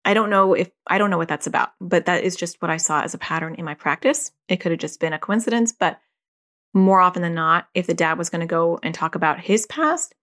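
Lively, somewhat low-voiced woman therapist. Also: fairly quick. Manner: animated storytelling, laughing and acting out quoted voices. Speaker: therapist and parent. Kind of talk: casual advice talk.

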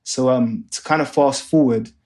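Young man, podcast guest, animated storyteller who mimics the people he quotes. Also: mid-range voice, normal speed. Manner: animated, acts out other voices in his stories. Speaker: guest, music A&R manager. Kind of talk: casual storytelling interview.

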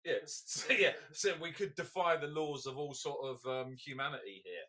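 A man co-hosting a football podcast, joking and swearing in lively banter. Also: on the high side, moderate pace. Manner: excitable, swears freely, laughs often. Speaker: podcast co-host. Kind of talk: casual banter.

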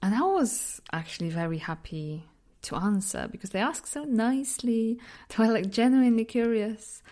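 A Polish woman whose accent blends Polish and British hosts a reflective solo podcast, candid and self-deprecating, with frequent laughter. Her voice is a little high, expressive and slightly mellow, at a normal speed.

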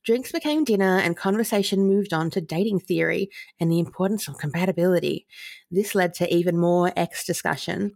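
A woman's voice: on the low side, brisk, creaky, a little mellow, dry recording, clean studio sound. A woman co-hosting a chatty podcast, reading stories aloud in an amused manner and laughing often.

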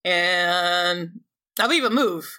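A woman's voice: fairly low pitch, drawn-out words, bright, forceful tone, smooth. A woman playing a tabletop game, describing her character's actions in the third person. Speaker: player.

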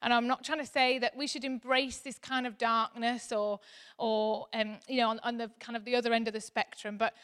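A woman in her thirties delivering a sermon. Her high, bright voice carries a chatty, animated warmth at times and a soft earnestness at others. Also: brisk, clear, resonant tone. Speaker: preacher.

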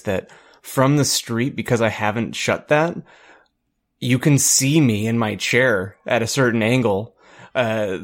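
A man with an average-pitched voice tells a story on a podcast. He rambles, swears, and fills the gaps with ums and likes in easy chat. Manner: rambling, profane, uses many fillers. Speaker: podcast co-host.

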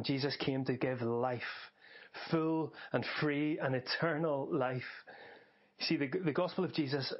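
A man preaching a sermon for a podcast in an earnest, measured way, slowing down to stress key phrases. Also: mid-range voice, highs cut off.

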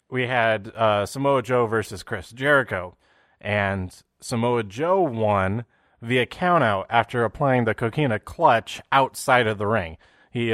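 A man's voice: medium pitch, fairly bright tone, dry recording. Chatty man recapping, dry close sound. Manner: rambling, with frequent fillers and restarts; puts on silly voices for quotes. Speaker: wrestling recap host. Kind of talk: casual show recap.

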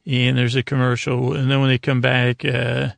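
A man with a heavily gravelly voice recaps a TV episode in a loose, rambling way. His delivery stays flat, and he keeps tripping over fillers and restarts. The sound is dry and close, with no room around it. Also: mid-range voice, normal speed, dry recording. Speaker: podcast host.

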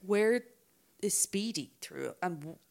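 A woman co-hosting a podcast, chiming in with short reactions and quick questions in casual chat. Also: lowish voice, animated, gravelly, darkish tone. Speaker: podcast co-host.

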